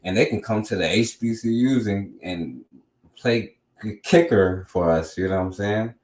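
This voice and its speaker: A man with a very deep voice hosts a casual talk show, rambling loosely and tagging many of his sentences. His voice rings around an echoey room. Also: normal speed, darkish tone. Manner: loose and rambling, lots of filler tags. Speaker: podcast host. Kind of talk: casual commentary.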